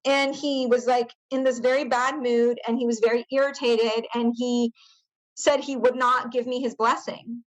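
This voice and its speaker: A woman with a slightly high voice talks through her own past as a podcast interview guest. She is earnest and searching, often restarting sentences and filling gaps with small verbal fillers. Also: little pitch movement, normal speed, rough recording. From United States. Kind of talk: personal storytelling in an interview.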